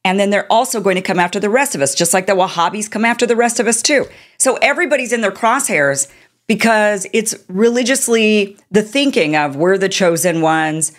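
A woman's voice: medium pitch, lively intonation, brisk. A woman hosting political commentary, talking in an indignant, sarcastic way. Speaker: commentary host.

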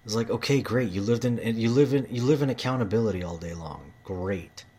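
A man's voice: on the low side, fairly quick, warm tone, husky. A tradesman ranting in a heated monologue about his job, swearing often and repeating himself. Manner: profane, heated, repetitive. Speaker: manual tradesman.

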